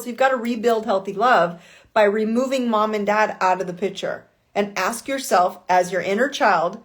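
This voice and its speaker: A woman's voice: medium pitch, normal speed. Emphatic swearing woman life coach. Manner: emphatic, swearing, fires off rhetorical questions. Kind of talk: motivational talk on a live call.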